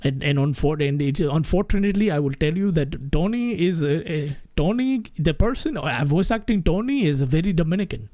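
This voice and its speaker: A male streamer chatting casually, rambling and cursing, breaking into laughs now and then. His voice is fairly high for a man, and the sound is dry and close. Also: animated, brisk, few pauses, dark tone, no echo. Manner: rambling, swearing, often laughing.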